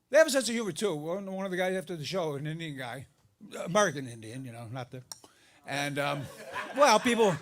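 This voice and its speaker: A middle-aged man doing a stand-up comedy set, telling stories about his marriage, his voice jumping up high for the punchlines. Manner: animated storytelling, voice jumps up for punchlines. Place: live comedy venue with audience laughter.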